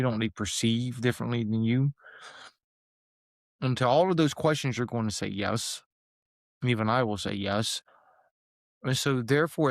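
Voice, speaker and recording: In a creaky, mid-range voice with no room sound, a male podcast host rambles earnestly through casual talk. His speech is full of fillers and false starts.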